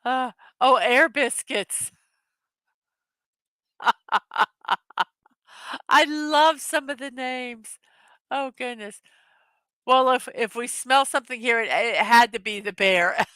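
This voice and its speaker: A middle-aged woman chats her way through a morning show, laughing often at her own jokes. She talks slowly, in a bright, clear voice. The sound is dry and close. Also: a little high, dry recording. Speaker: host of a daily morning show. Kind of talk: casual chat reading memes to a live audience.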